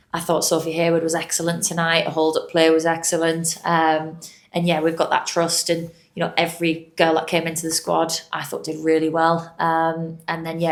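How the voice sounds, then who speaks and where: A woman football manager giving measured, positive answers at a post-match press conference. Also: low voice. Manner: measured and positive, with many fillers.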